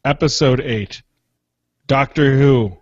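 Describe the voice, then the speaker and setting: A man's voice: medium pitch, slow pace, a little mellow, husky, no room sound. A man with a Philadelphia accent co-hosting a TV review podcast, reflective and stammering through restarts. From United States. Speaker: podcast co-host. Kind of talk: casual chat. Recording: dull lo-fi sound.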